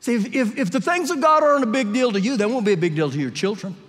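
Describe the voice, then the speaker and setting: A male pastor preaching a sermon during a live church service, telling animated, humorous stories and acting out the voices in them. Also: very high-pitched, fast talker. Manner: animated storytelling, acts out quotes with humor. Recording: live church audio with long hall reverb.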